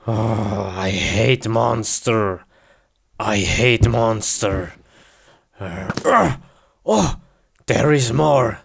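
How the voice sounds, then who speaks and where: A man's voice: fairly low pitch, expressive, extremely slow, gravelly, pauses often, breathy edge, pitched below the performer's own voice, heavily acted. A man playing a raging brute who calls himself Hulk, grunting in simple, broken English. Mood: angry.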